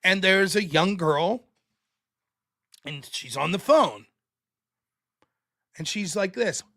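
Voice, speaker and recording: A man hosting a podcast, telling a story in a casual, animated way. He acts out the people he quotes with loud bursts and laughs often. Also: high voice, slow. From United States. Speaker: podcast host.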